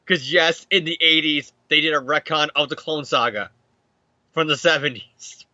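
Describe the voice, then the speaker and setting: A man's voice: on the high side, normal speed, sharp tone, no room sound. Rambling man recapping comics, lo-fi. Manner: rambling, laughs often, acts out characters with profanity. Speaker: podcast host. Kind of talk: casual comic book recap.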